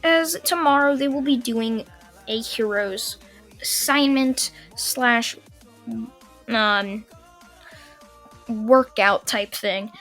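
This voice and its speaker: A young woman narrating a fan-made story casually, in long run-on sentences with filler pauses. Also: fairly high pitch, fairly bright tone, soft background music.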